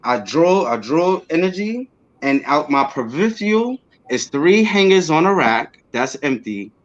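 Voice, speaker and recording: A man being interviewed, telling a personal story casually and acting out what he said back then with bursts of energy and laughs. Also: a little high. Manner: animated, acts out his own past words with quick bursts and laughs. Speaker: interview guest. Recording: slightly dull lo-fi audio.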